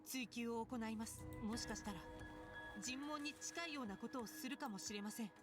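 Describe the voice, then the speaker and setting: A woman plays a young female detective in a story game, polite and formal even when she presses a suspect. Her voice sits a little high and the lines come out quickly. Game music plays clearly behind her. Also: close to an everyday voice. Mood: serious. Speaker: game character. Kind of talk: Japanese game voice acting.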